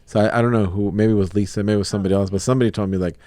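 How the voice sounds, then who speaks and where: A man's voice: lowish voice, fairly even intonation, very fast, warm tone. A man hosting a podcast interview, telling stories in a rambling, casual way with quoted asides. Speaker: podcast host.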